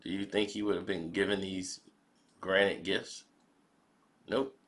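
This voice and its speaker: A man giving spoken commentary in a measured, reflective way, often posing rhetorical questions. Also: sits low, level tone, fairly bright tone. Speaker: commentary vlogger.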